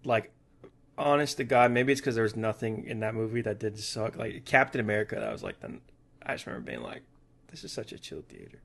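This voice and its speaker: A young man with a Texan accent, co-hosting a movie podcast in a laid-back, joking way, often trailing off into a quieter voice. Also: lowish voice, animated, fast, vocal fry. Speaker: podcast co-host. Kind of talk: casual chat.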